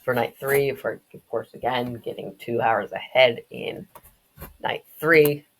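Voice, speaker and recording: A young woman with a notably low voice chats her way through a game's backstory. She drifts easily into joking asides and quick tangents, in a casual, offhand tone. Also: slight background noise. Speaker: game lore commentator. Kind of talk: casual commentary.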